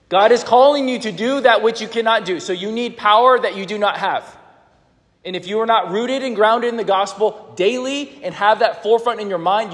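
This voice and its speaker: Male pastor with a high voice, conversational, quizzes the room; long hall reverb. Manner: conversational, asks the congregation questions. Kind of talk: sermon.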